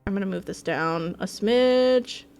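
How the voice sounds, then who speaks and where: A woman streaming a game live, chatting in a bubbly, excitable way with her viewers. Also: medium pitch, a little slow, creaky, faint music behind. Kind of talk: casual live-stream chat.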